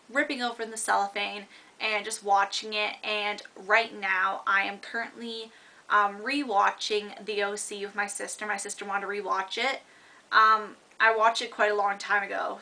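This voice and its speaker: A young woman in university talks casually to her camera in a rambling, chatty way, full of "um" and "like" and quick restarts. Her voice is bright and clear at an ordinary pitch. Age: young adult. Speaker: vlogger.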